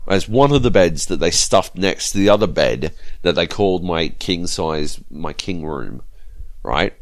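A man's voice: sits low, animated, a little slow. An Australian man telling a rambling, profanity-laced story on a casual gaming podcast. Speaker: podcast co-host. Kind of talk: casual chat.

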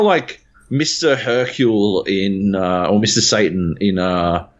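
A man with a fairly low voice rants in an exasperated, swear-laden way on a casual games podcast. He talks as a critic, and the sound is dull and slightly lo-fi. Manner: profane, exasperated ranting. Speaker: podcast co-host, game critic.

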